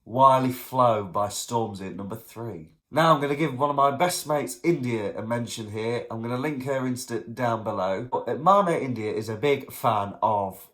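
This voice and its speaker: A young man reviews songs in his vlog, ranting in a blunt, exasperated way and climbing into shouts when he gets worked up. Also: medium pitch, normal speed, hardly any pauses. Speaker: vlogger.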